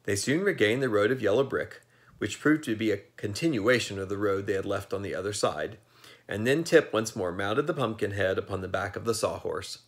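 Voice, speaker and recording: A man reading a children's storybook aloud in a lively, expressive way. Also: fairly low pitch, a little fast. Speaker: narrator.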